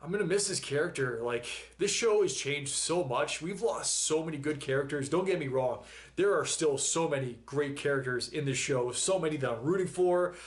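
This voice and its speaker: A man in casual chat, still emotional after crying and working through his thoughts aloud. His voice sits somewhat high for a man, and he rambles, sighing and laughing now and then. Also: moderate pace. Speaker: reaction video host.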